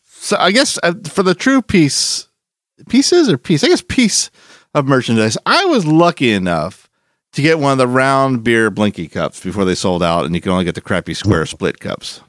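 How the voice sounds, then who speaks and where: A man co-hosting a podcast in casual chat, with a gravelly voice, rambling and restarting as he talks. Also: medium pitch, normal speed, no echo, clean studio sound. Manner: animated, rambling with frequent restarts. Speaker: podcast co-host.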